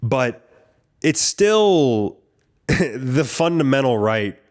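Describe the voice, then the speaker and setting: Man, podcast host, casual sweary storyteller, average pitch. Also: extremely slow. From United States. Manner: profane, rambling, animated.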